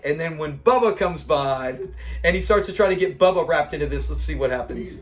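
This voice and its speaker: High-voiced man recapping a sitcom episode. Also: lively intonation, brisk, soft background music. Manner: chatty and enthusiastic, laughs often while recapping scenes. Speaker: show review host. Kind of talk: casual episode breakdown commentary.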